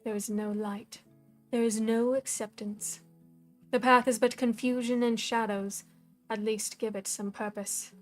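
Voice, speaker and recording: A scornful dark mentor from a spoken storybook, low and hushed, every line an order, voiced by a woman reading aloud. Her voice sits a little high even when she drops it. Faint guitar music plays underneath. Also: a little slow, close to an everyday voice. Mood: cold, commanding.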